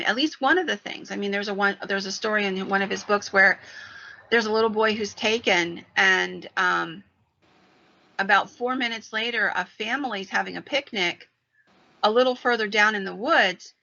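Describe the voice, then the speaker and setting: Gravelly woman telling a ghost story. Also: mid-range voice. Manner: animated retelling of a story. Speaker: podcast host. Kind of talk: paranormal storytelling. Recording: dull lo-fi sound.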